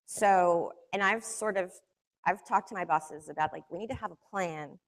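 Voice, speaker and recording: Chatty woman with a low voice. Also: moderate pace. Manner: chatty, loose, full of "like" and "you know", lively when retelling scenes. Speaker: magazine reporter speaking to students. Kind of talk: casual anecdotal talk.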